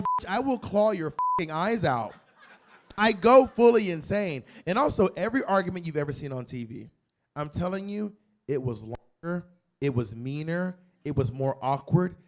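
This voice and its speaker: Man comic, brash and boastful, higher voice, club stand-up. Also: animated, a little fast. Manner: brash, boastful and blunt, with sudden loud jumps. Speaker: stand-up comedian. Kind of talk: stand-up comedy with audience Q&A. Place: comedy club in San Diego.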